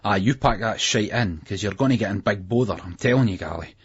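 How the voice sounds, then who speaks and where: A man reading a blunt, husky teen mate. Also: lowish voice, fairly quick, lo-fi sound. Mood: stern. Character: young male friend, blunt and warning.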